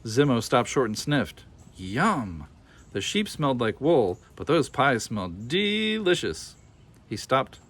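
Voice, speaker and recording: A man reading a children's picture book aloud with expressive, animated storytelling. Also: mid-range voice, takes it slowly. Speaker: storybook reader.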